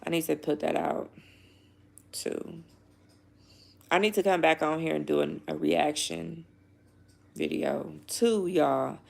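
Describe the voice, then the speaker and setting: A woman's voice: deep voice, lively intonation, takes it slowly, vocal fry, pauses often, slight background noise. A young pregnant woman chatting casually to camera, blunt and swearing a lot, laughing often, and feeling sick. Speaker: vlogger.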